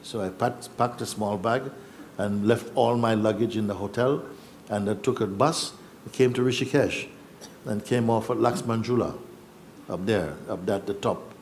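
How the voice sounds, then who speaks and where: Guy telling his story slow and thoughtful, pauses a lot, faint hiss in the back. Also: fairly low pitch. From Jamaica. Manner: reflective, unhurried, with pauses and restarts. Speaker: spiritual teacher. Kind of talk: personal storytelling.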